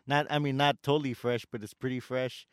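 Smooth-voiced man ranting about customers. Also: mid-range voice, steady tone, a little fast, no room sound, clean studio sound. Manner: ranting storyteller, swears, acts out customers. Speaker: store door greeter in customer service. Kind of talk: casual chat.

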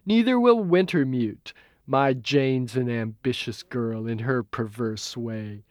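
A man's voice: medium pitch, takes it slowly, a little mellow, dry recording, studio quality, lightly acted. A man voicing a smug, perverse young male illusionist who talks in a gloating, theatrical way.

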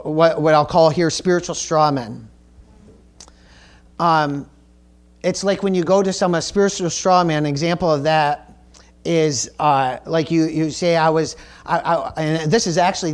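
A male pastor preaching a sermon, earnest and emphatic, often repeating words and asking the congregation "Amen?". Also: on the high side. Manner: calls for audience responses like "Amen?".

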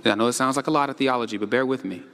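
A man preaching a sermon with animated rhetorical questions, casual slang, and a conversational pull on the congregation. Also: medium pitch, rapid-fire, long reverb tail.

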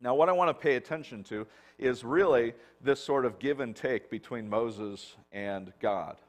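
A man's voice: medium pitch, moderate pace. Casual-talking male pastor preaching. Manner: casual, acts out biblical dialogue with lots of "like". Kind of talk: conversational sermon.

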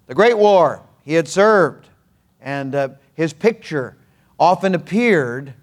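A man's voice: on the high side, lively intonation, slow. An older man preaching a sermon in a folksy, earnest way, with humorous asides. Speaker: pastor.

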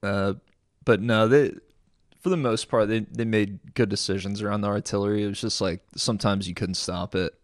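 A man, a military veteran, recalling combat in a relaxed, chatty podcast conversation. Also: lowish voice, moderate pace, no echo, clean studio sound. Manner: relaxed, chatty retelling with friendly asides. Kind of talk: casual storytelling conversation.

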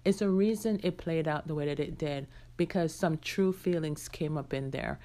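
A woman's voice: low voice, moderate pace, dark tone. A woman hosting her own podcast, telling a personal story candidly and talking straight to her listeners. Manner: candid, conversational, addresses listeners directly. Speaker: podcast host.

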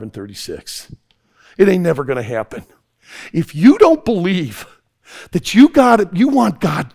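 Brief: middle-aged camp preacher, high lively voice with gravel, folksy storyteller. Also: male voice. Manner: folksy storyteller, swings from hushed to shouting. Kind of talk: sermon story to youth.

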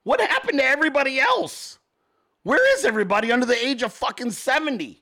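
A man's voice: very high-pitched, lively intonation, quick pace, bright, forceful tone. A man hosting a podcast, ranting in a profane, crude and exasperated way, often slipping into mocking impressions of other people. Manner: acts out mocking voices of others. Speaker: podcast host. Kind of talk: profane comedic rant.

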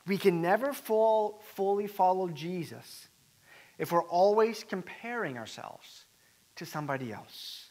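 A man preaching a sermon as pastor, animated and acting out the quoted voices with rising emphasis. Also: high voice, a little slow.

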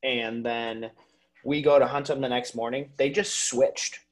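Young man, podcast guest, animated storyteller, casual and profane, mid-pitched voice. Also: measured pace. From Minnesota. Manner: animated storyteller, swears freely, lots of "like" and "dude". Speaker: podcast guest, waterfowl hunter.

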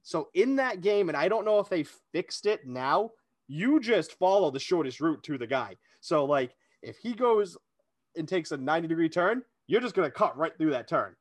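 Animated man telling a story. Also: a little high, moderate pace, no echo. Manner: animated, self-deprecating storyteller. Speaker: podcast co-host. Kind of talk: casual storytelling chat.

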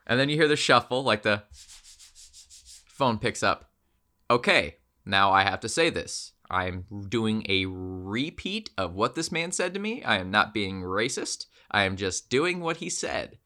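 Animated male storyteller, bright voice. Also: on the low side, unhurried. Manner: animated, acts out every voice in the story. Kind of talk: comic storytelling.

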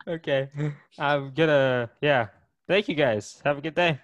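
Smooth-voiced rambling podcast host man. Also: a little high, slow, fairly bright tone. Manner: rambling, self-correcting, joking. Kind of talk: casual podcast outro.

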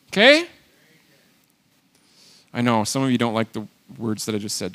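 A man preaching a sermon, animated and emphatic, swinging between loud exhortation and quiet asides. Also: medium pitch, normal speed, long pauses. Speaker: pastor.

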